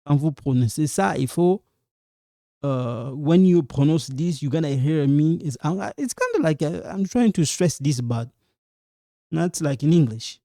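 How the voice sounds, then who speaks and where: A man explains pronunciation at a very slow, deliberate pace, repeating each example sentence. His tone is mellow and relaxed. The sound is dry and close, with no room echo. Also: a little high. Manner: slow, repeats example sentences, switches between French and English. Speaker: French teacher. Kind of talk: language lesson explaining pronunciation.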